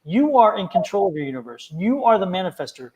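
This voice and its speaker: A man's voice: high-pitched, big pitch swings, fast talker, darkish tone. A man tarot reader giving careful, encouraging advice in a casual live reading, sometimes hesitating over his words.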